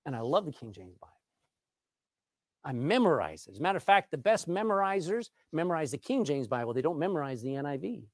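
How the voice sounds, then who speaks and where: Animated preacher, lively pitch. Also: male voice, no room sound, clean studio sound. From Texas. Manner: emphatic, with dramatic pauses and drawn-out words. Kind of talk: sermon.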